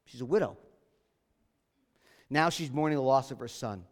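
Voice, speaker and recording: A man's voice: mid-range voice, expressive, moderate pace, in a large hall. A man preaching a sermon as pastor, earnest and emphatic, repeating his key phrases.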